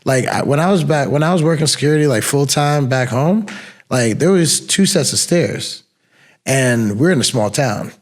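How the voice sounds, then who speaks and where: A man's voice: medium pitch, lively intonation, moderate pace. Slangy laid-back man telling bar stories. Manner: laid-back, slangy storytelling with bursts of laughter. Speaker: podcast co-host, former bouncer. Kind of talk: casual storytelling chat.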